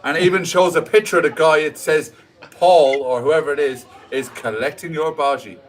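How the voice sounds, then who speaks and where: A man chatting casually on a live stream, explaining things plainly in a relaxed, playful way. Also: fairly high pitch, moderate pace. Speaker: chat partner on a live stream.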